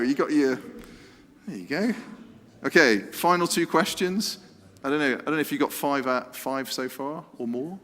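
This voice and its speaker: Preacher guy, playful and chatty, mid pitch, echoey church hall sound. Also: normal speed, a bit bright. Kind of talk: lively church talk with a quiz. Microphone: handheld microphone.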